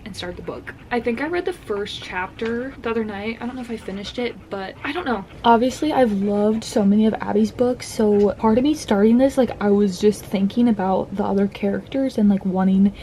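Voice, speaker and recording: A woman's voice: medium pitch, fairly quick, hardly any pauses, mellow, slight background noise. A young woman chatting casually about books at home, gushing and saying "like" a lot. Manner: chatty, gushing, says "like" often. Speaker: book vlogger. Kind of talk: casual chat. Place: home, during a storm. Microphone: phone or camera mic, clip-on mics dead.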